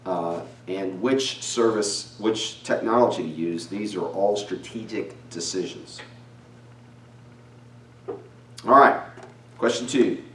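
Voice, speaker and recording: Slow-talking man lecturing, echoey. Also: on the low side. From Charleston, South Carolina. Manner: relaxed, folksy, talks to students. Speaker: finance lecturer. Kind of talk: recorded lecture. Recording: roomy, slightly distant mic.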